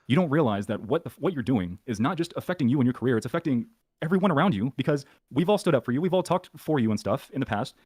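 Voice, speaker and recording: Rapid, rambling man telling a story. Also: mid-range voice, lively intonation, darkish tone, slightly rough, dry recording, studio quality. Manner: rambling, fillers, quotes himself. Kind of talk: casual storytelling in a played clip.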